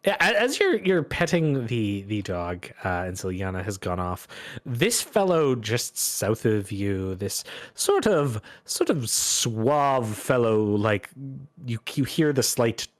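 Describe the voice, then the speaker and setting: A man narrating a tabletop game as game master, describing scenes in a relaxed way and laughing easily. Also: fairly low pitch, slow pace.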